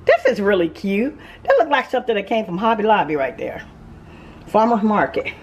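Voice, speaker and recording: Here the Southern American vlogger from Mississippi sounds a little fast and slightly rough, her medium-pitched voice swinging widely in pitch. She gives viewers a laughing, chatty tour inside show manufactured homes, shot on a handheld phone camera and later a small tripod.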